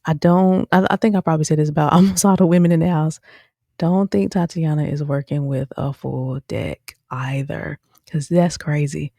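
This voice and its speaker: Her voice is deep and creaky, at normal speed, recorded with no room sound. Hosting a show review, she chats casually and animatedly to viewers, calling them "y'all" with frequent "um" and "okay?" in this casual commentary.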